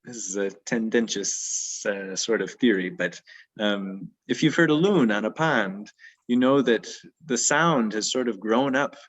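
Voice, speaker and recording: A man's voice: lowish voice, expressive, a little slow, rough recording. A man leading a poetry and birdsong session, talking thoughtfully with frequent hesitations. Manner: thoughtful, hesitant, many ums. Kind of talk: discussing poetry.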